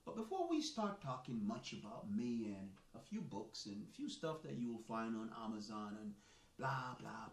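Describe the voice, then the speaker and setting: A man with a Jamaican accent hosts a soccer live stream, talking in an animated, boastful, rambling way and often restarting his sentences. His mid-range voice runs at a moderate pace, picked up by a distant mic in an echoey room.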